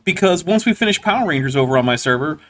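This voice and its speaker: Upbeat higher-voiced man hosting a stream. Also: fast. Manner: animated, enthusiastic rambling. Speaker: livestream host. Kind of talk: casual chat.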